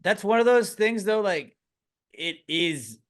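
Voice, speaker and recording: Bright-voiced joking podcast co-host man. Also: sits high, lively intonation, takes it slowly. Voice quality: joking, list-making, trailing off. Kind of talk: casual podcast chat.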